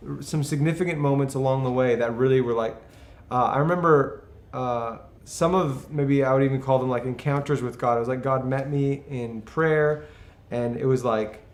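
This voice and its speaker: A young man chats in an earnest, eager way, circling back over his thoughts as he talks. His voice sits at an ordinary middle pitch. The room around him rings with noticeable echo. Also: moderate pace. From Canada. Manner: earnest, enthusiastic, rambling. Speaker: interview guest, youth ministry video host. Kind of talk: casual interview chat. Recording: roomy echo.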